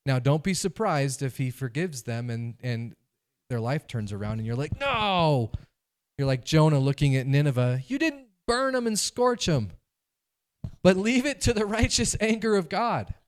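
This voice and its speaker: A male pastor preaching a sermon, animated and conversational, acting out quoted voices. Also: a little high, moderate pace.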